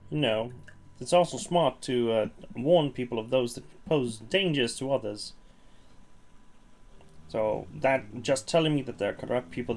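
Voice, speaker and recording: A man's voice: mid-range voice, darkish tone, a little hiss or hum. A man streaming a video game, chatting casually and muttering to himself, with blunt opinions. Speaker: gaming streamer. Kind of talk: casual gameplay commentary.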